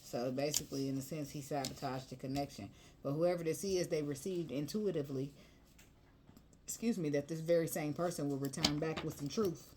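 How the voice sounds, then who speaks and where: A woman's voice: low voice, fairly even intonation, brisk, a little mellow, a little hiss or hum. A woman reading tarot cards in a chatty, emotional, colloquial way. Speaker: tarot reader.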